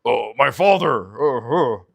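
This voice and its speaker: A man's voice: mid-range voice, lively intonation, takes it slowly, vocal fry, fairly bright tone, breathy edge, exaggerated voice. A man voicing a nervous young man who stammers while pretending to be his brother. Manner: stammering, hesitant.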